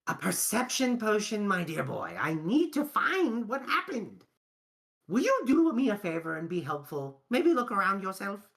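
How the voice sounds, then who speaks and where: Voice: mid-range voice, huge pitch swings, moderate pace, creaky, fairly bright tone, pitched above the performer's own voice, full character voice. A game master putting on a fussy, theatrical potion-seller. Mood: grandiose. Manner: grand, exclaiming, calls others "my dear boy". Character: theatrical male potion-shop owner, fussy and dramatic.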